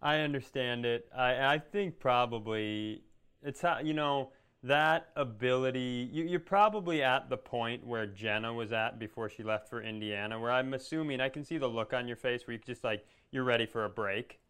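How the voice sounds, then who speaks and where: Smooth-voiced man telling rambling comic stories. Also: medium pitch, moderate pace, a bit bright. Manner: rambling storyteller, restarts and asides. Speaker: podcast co-host. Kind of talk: casual comedic chat.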